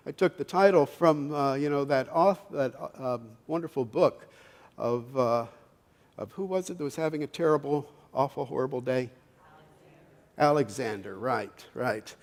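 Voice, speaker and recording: A middle-aged male pastor preaching a sermon, telling stories in a folksy, halting way with many restarts. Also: fairly high pitch. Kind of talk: sermon with storytelling. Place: church sanctuary. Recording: long church reverb.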